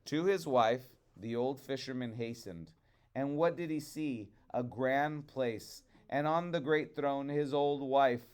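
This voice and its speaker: Man reading a storybook aloud, slow pace, expressive, rhythmic. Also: mid-range voice, clean tone.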